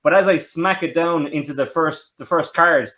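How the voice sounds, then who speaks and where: A man, hosting a casual chat and telling his own story, quick to laugh. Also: fairly high pitch, a bit bright. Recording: dull lo-fi audio.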